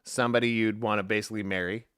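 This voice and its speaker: A man's voice: lowish voice, fairly even intonation, rapid-fire, a bit bright, clean tone, dry recording. A man co-hosting a podcast, chatting casually and breaking off mid-sentence as he goes. The sound is dry and close, with no room around it. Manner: rambling, self-interrupting. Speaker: podcast co-host. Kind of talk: casual chat.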